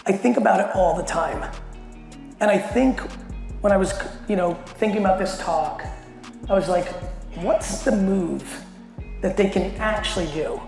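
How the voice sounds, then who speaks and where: Profane, animated male speaker, gravelly. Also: sits high. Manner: profane, animated, fast storyteller. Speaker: keynote speaker. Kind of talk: storytelling talk to a company audience. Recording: echoey hall with long reverb, faint music.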